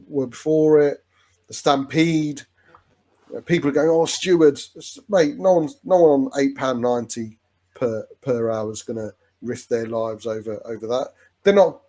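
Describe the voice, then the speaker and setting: A man's voice: medium pitch, moderate pace, dark tone. A man chatting casually as a fan co-host during a live football watch-along, rambling with restarts and calling his friend "mate".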